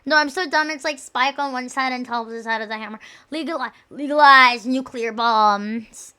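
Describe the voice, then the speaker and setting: Young woman, streamer, high-pitched, crude jokes, frequent swearing. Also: moderate pace, clear, resonant tone. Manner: crude, loud and joking, swears a lot. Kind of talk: casual stream chat.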